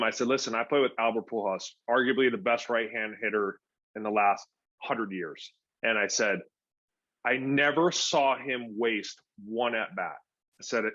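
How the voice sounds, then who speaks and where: Bright-voiced man telling stories. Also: mid-range voice. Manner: animated storyteller who acts out quoted dialogue. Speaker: guest, former pro pitcher. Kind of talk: casual storytelling interview. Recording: dull lo-fi podcast audio.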